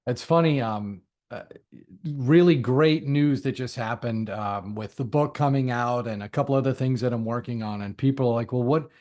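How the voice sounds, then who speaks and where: A man of middle pitch talks as a podcast guest. He speaks with energy and states his views bluntly, without softening them. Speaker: podcast guest, sales consultant. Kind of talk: conversational interview.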